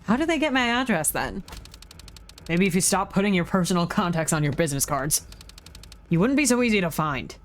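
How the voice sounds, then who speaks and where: A woman voicing a sharp-tongued older woman who runs a bar, brusque and scolding. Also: lowish voice, sing-song, brisk.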